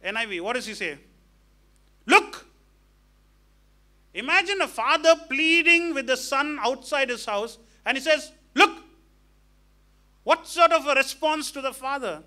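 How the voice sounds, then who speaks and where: A man's voice: very high-pitched, lively intonation, normal speed, few pauses, bright, forceful tone. A male pastor preaching a sermon emphatically, questioning the congregation and acting out the characters of a parable. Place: church hall.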